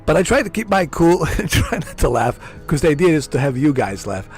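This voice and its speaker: A man's voice: a little high, sing-song, fairly quick, darkish tone, faint music behind. A man giving casual gameplay commentary, giggling and breaking into laughter often. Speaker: gamer streamer.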